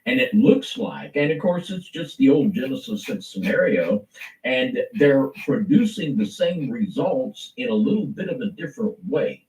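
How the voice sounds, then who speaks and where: A man giving impassioned religious commentary on a talk show, preacherly, swinging between low murmurs and emphatic stresses. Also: expressive, normal speed, a little mellow, echoey room, distant mic, poor audio. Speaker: co-host.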